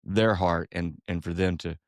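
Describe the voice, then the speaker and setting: A man co-hosting a podcast, explaining his advice in a calm, measured way. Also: sits low, no room sound, clean studio sound. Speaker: podcast co-host. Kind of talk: casual podcast conversation.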